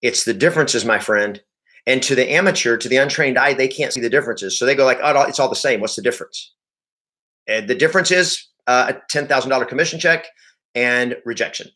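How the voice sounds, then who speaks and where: A man leading a live sales training session, energetic and emphatic, repeating key points and speaking straight to his audience. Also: medium pitch, fast. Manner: addresses the audience directly. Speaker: real estate sales coach.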